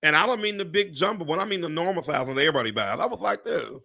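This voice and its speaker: Very fast, slightly high, and creaky, a real estate agent rattles on casually to his live stream audience. He's animated and exclamatory, swearing freely and speaking directly to "y'all."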